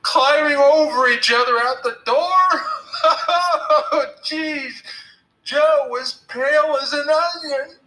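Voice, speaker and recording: A man voicing a wild, mischievous boy who screeches and taunts in a shrill, girlish squeal. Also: animated, drawn-out words, sharp tone, echoey room, distant mic, heavily acted, rough recording. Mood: laughing gleeful.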